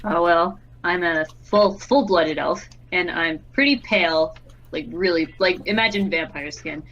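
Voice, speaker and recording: A woman player describes her character in a loose, casual way, with plenty of fillers. Her voice sits fairly low. The audio is dull and lo-fi. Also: unhurried, a bit bright. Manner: giggly, casual, filler-heavy. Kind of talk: casual chat.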